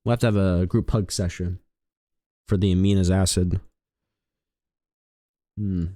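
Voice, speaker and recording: A man streaming a video game, chatting casually with viewers, swinging between low mumbles and sudden loud, sweary outbursts. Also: fairly even intonation, a little slow, no echo, clean studio sound. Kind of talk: casual live gaming commentary.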